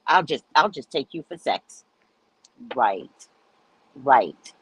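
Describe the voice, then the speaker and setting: A woman's voice: a bass voice, sing-song, takes it slowly, slight background noise, low-quality recording. A woman hosting a casual commentary show, talking in a sassy, emphatic, lecturing way. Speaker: host.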